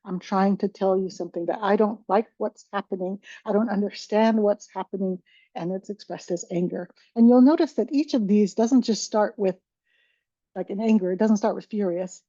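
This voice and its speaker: Mellow-voiced woman presenting to caregivers. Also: mid-range voice, moderate pace, no room sound, muffled recording. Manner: conversational, with frequent restarts and acted-out examples. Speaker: dementia care presenter.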